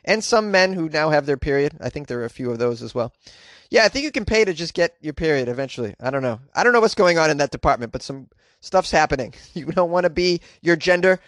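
A man's voice: fairly high pitch, animated, fast talker, a bit bright, no echo, clean studio sound. A man casually commenting on a news story in an offhand, wry way.

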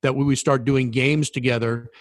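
A middle-aged man tells a sports story with real enthusiasm, stumbling over restarts as he gets excited. His voice sits close and dry, with no room sound around it. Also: mid-range voice, moderate pace, no room sound. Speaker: sports broadcaster and former referee. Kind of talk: casual storytelling conversation.

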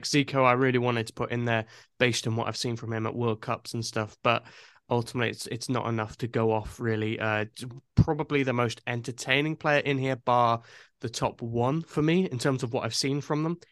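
A man hosts a casual football podcast in an easy, rambling way, full of fillers and restarts. His voice sits at a middle pitch. It is recorded close and dry. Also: steady tone, fairly quick, fairly bright tone, dry recording. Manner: chatty, loose, with many fillers and restarts. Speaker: podcast host.

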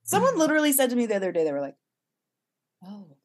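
A woman from Miami, a guest songwriter chatting casually, playful and quick to laugh, often trailing off and restarting. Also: on the high side, wildly swooping pitch. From Miami, USA. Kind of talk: casual chat.

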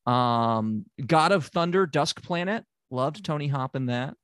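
A man's voice: on the high side, lively intonation, measured pace, fairly bright tone, smooth, dry recording. A man from Tennessee playing a hapless therapist in an improvised comedy sketch, rambling and hesitant, full of filler words. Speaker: comic playing a fake therapist.

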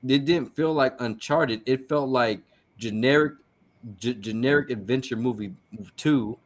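A man's voice: mid-range voice, a little slow. A man who is a guest on a podcast, chatting casually in a rambling way, swearing and stammering through restarts.

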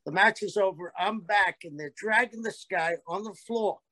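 A man in casual chat, telling quick, blunt wrestling anecdotes. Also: high-pitched, bright, forceful tone, no room sound.

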